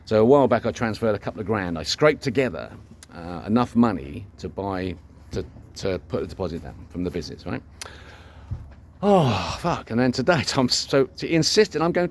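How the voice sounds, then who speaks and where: A man's voice: on the low side, lively intonation, normal speed. An older man tells a long, rambling story in a casual vlog, swearing freely and acting out the dialogue. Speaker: vlogger.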